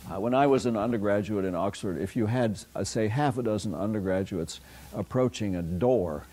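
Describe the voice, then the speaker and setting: A man's voice: fairly low pitch, a little mellow. An older American man giving a university philosophy lecture, rambling through anecdotes with frequent fillers and restarts. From United States. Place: lecture hall.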